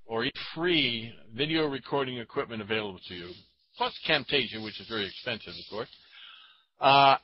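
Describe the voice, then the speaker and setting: A man talking in a casual chat, rambling and halting with many fillers. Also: mid-range voice, dull audio.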